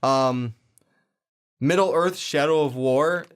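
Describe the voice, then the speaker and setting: A man's voice: a little high, slow, smooth. A young man co-hosting a casual gaming podcast, laid-back and a little hesitant. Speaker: podcast co-host. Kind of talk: casual chat.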